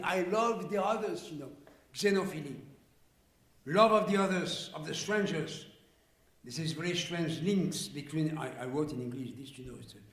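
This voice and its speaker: Man, French accent, fairly high voice, halting broken English, conference speech, echoey hall. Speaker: conference speaker. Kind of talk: public speech.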